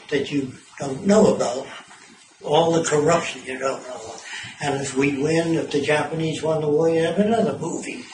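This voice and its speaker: Blunt man talking in an echoey room. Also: on the high side. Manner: blunt, profane, storytelling with asides. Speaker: speaker addressing visitors. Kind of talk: informal talk to a small group. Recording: echoey room, mic far off, clear background noise.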